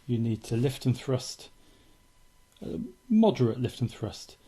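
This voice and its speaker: Calm, husky-voiced man teaching. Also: medium pitch, unhurried. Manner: calm, steady, methodical explaining. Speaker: acupuncture teacher. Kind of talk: instructional demonstration.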